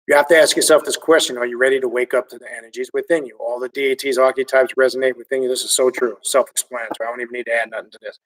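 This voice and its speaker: A man hosting a livestream, reading viewer comments and ranting in an excitable, animated, profane way. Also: medium pitch, rapid-fire, hardly any pauses, distant mic, rough recording. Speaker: occult channel host reading viewer comments.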